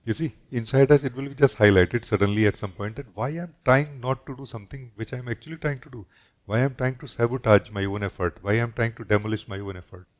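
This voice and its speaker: This is a male spiritual teacher delivering a soft, contemplative satsang talk. He talks fast at a medium pitch and tends to close lines with an inquiring "no?".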